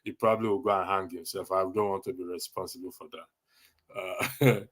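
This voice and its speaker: A man's voice: low voice, fairly even intonation, moderate pace, fairly bright tone. A Nigerian man hosting a casual live stream, reading viewer comments with a jokey, teasing manner and frequent laughter.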